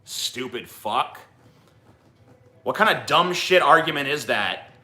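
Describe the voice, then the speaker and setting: A man's voice: mid-range voice, expressive, a little slow, bright, forceful tone. A man hosting a livestream, ranting profanely and combatively at his chat. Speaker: livestream host.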